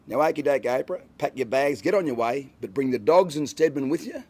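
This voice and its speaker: Husky Australian man reciting rhyming verse. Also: medium pitch, lively intonation, a little fast, a little mellow. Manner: playful, lilting rhythmic delivery. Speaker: bush poet.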